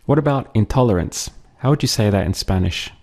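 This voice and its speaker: A man teaching a language lesson, patiently drilling words and pausing for the listener to repeat them. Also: on the low side, expressive, darkish tone. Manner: slow, patient, drills words and pauses for repetition.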